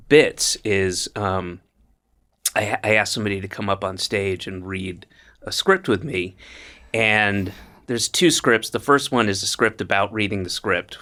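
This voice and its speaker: A man's voice: lowish voice, pushed and bright. A man hosting a podcast, telling a story in an offhand, conversational way. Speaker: podcast host. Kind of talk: casual chat.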